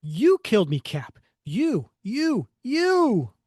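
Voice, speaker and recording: A man's voice: wildly swooping pitch, slow pace, a little mellow, no echo, clean studio sound, full character voice. A man voicing a haunting young male sidekick who accuses his partner, reading comic dialogue aloud. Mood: accusing. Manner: shrill accusing repetition.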